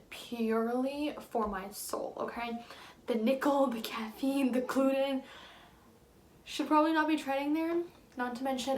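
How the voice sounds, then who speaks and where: Chatty young woman vlogging in an echoey kitchen. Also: a little high. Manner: chatty, often adds "okay?" to check in with viewers. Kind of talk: casual vlog chat to camera. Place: home kitchen. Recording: echoey room, faint noise.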